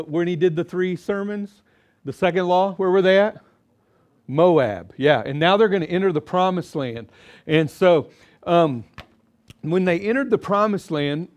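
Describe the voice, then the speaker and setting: Middle-aged guy teaching a crowd, bit high voice, keeps asking the room questions, acts out little quotes. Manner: chatty, asks audience questions, acts out quotes. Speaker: Bible teacher. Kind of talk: lively live seminar teaching. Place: indoor seminar with live audience.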